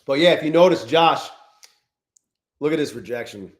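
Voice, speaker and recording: A man's voice: fairly high pitch, expressive, normal speed. A man in his forties hosting a live trading stream, chatting casually with viewers and swearing often. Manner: profane, restless, talks to chat. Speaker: trading livestream host.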